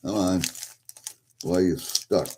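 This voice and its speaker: A vlogger unboxes packages, muttering and rambling casually to himself as he goes. His voice is low and slow, with noise in the background.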